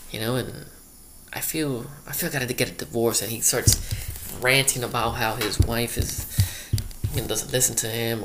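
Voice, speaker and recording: A man's voice: mid-range voice, background noise. A man doing a rambling comedic monologue, full of loose asides and repeated "you know".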